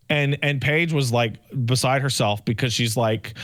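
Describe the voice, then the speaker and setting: A man co-hosting a podcast, telling a story in a casual, animated way and acting out the dialogue himself. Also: medium pitch, moderate pace, hardly any pauses. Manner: animated, acts out quoted dialogue. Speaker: podcast co-host.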